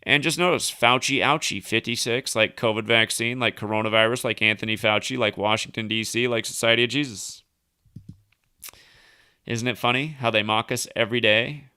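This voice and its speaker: A man's voice: medium pitch, fairly even intonation, normal speed, sharp tone, smooth, no echo, clean studio sound. A man hosting a solo livestream, rambling through a chain of number links with casual asides. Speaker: livestream host.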